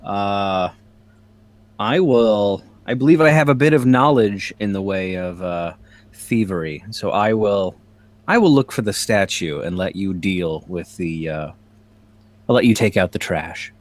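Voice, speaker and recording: A man playing a small, boastful male thief in a tabletop game, speaking loudly in character with some hesitation. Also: lowish voice, unhurried, lightly acted. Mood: cocky. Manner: loud, hesitant in-character talk.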